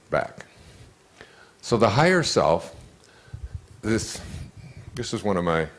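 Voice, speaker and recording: An older man giving an inspirational lecture, telling a rambling story with restarts and asides. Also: mid-range voice. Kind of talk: inspirational lecture to a live audience.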